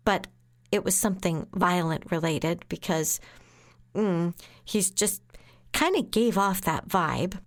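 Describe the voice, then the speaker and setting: A woman who is a lawyer and podcast host, telling an anecdote in a lively way, acting out quotes and laughing along. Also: lowish voice. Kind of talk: anecdotal storytelling.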